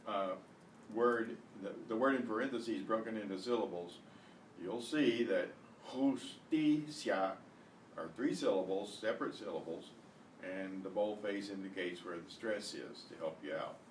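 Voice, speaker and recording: A man teaching an online beginner language lesson, repeating words slowly with exaggerated pronunciation. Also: fairly low pitch. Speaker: Spanish teacher. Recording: echoey room, distant mic, faint hiss.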